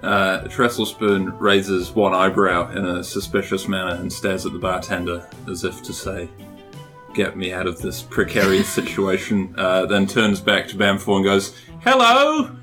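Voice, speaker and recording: Low-voiced man playing a tabletop game. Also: flat delivery, normal speed, fairly bright tone, soft background music. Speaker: player.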